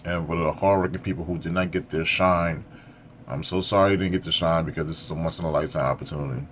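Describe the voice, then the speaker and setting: A man's voice: low-pitched, fairly even intonation, quick pace, a bit bright, a little hiss or hum. A man hosting a reaction video, talking casually and frankly, scolding one moment and sympathizing the next. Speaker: reaction streamer host.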